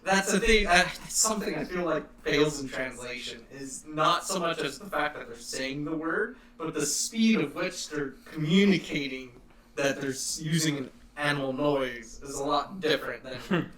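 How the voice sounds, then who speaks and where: A young man co-hosting a casual podcast, crude and loud, breaking into shouted bits. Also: a little high, normal speed, recorded from a distance, crowd noise. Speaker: podcast co-host. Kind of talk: casual chat. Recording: roomy, off-mic sound.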